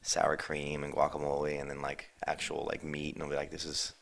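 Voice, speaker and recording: Young man, extremely low gravelly voice, laid-back rambling interviewee. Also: completely flat delivery, a little fast. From San Diego, USA. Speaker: band member answering questions. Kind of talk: casual chat.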